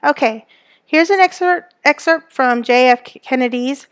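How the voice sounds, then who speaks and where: A woman's voice: sits high, normal speed, no echo. A woman teacher giving a recorded lesson to students. She explains step by step and keeps checking in with them with "okay?" and "right?".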